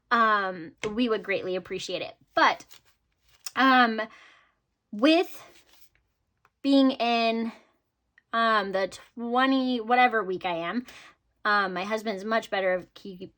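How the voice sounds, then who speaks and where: Chatty upbeat woman, higher voice. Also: steady tone, slow, fairly bright tone. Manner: chatty and upbeat, with many ums and laughs. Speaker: budgeting vlogger. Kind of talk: casual chat to camera.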